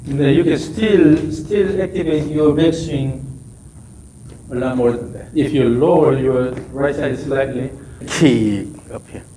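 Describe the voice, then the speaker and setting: A man's voice: mid-range voice, measured pace, mellow, slight background noise, rough recording. A man working as a golf coach in a live session, calling out short repeated drill cues and then explaining the movement.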